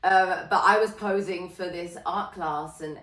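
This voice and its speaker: A woman's voice: fairly low pitch, steady tone, a little slow, a bit bright. A woman chatting on a podcast, telling stories animatedly and laughing often. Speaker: podcast conversation partner. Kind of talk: casual podcast chat. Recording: roomy sound from a distant mic.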